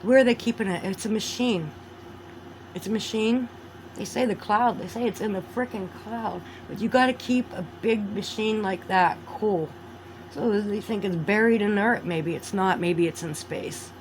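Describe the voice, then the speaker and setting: A woman vlogging a rambling monologue, animated, swinging between loud outbursts and low mutters. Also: moderate pace, a little hiss or hum, poor audio.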